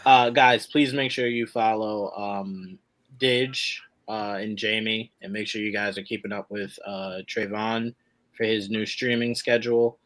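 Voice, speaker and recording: A man hosting a casual online podcast, wrapping up the show and thanking guests in a relaxed, rambling way. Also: lowish voice, a little slow. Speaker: podcast host. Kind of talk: casual chat, show sign-off.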